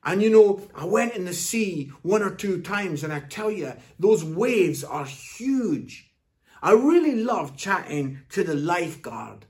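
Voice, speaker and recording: A man with a Scottish accent giving a Father's Day sermon, telling stories in an animated way before turning soft and earnest. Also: sits high, slow pace. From Scotland. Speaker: pastor.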